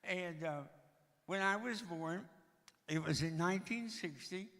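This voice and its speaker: A man's voice: sits high, unhurried, a bit bright. A man, breathing heavily as he tells humorous, self-deprecating stories from his life to a church. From Tennessee, USA. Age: 60s. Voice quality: heavy, audible breathing. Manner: self-deprecating, joking storyteller. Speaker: guest speaker. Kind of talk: humorous personal testimony. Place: church sanctuary. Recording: reverberant church hall.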